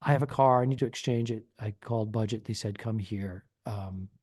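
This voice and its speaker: A man's voice: fairly low pitch, fairly quick, a little mellow, dry recording, studio quality. A man co-hosting a comedy podcast, telling a long rambling story in casual chat and acting out the people in it. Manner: rambling anecdote, acts out quoted people. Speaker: podcast co-host.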